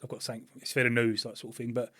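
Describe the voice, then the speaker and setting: A man's voice: mid-range voice, completely flat delivery, rapid-fire, sharp tone, no room sound. Laid-back English man, dry close sound. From England. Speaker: podcast co-host. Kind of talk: casual chat.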